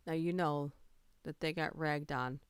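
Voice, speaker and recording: Smooth-voiced woman reading stories on stream. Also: low voice, steady tone, a little slow, dry recording. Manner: reads funny stories aloud, laughs and greets chat. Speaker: livestream host reading stories aloud. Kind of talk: casual livestream storytelling and chat.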